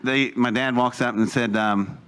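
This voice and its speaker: A man's voice: mid-range voice, fairly even intonation, normal speed, noisy background. An older man telling a rambling, folksy story to an audience, acting out the voices of people he quotes. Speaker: speaker telling his life story.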